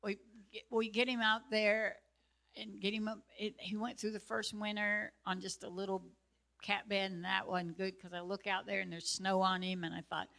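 A woman telling a story casually to a group, animated and chatty, laughing easily. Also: mid-range voice, moderate pace, vocal fry.

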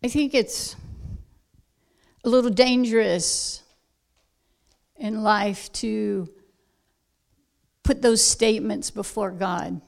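A woman delivers a sermon at a slow, deliberate pace. She leans into emphatic lines and then drops to soft, quiet asides, keeping a mid-range voice throughout. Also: mid-range voice, creaky. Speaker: preacher.

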